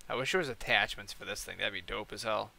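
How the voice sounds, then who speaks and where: Bright-voiced young man, profane and slangy. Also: on the low side, fast talker, vocal fry. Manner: profane, slangy, heavy "like" and "dude"; acts out quoted people in changed voices. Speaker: gameplay commentator. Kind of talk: casual storytelling over gameplay.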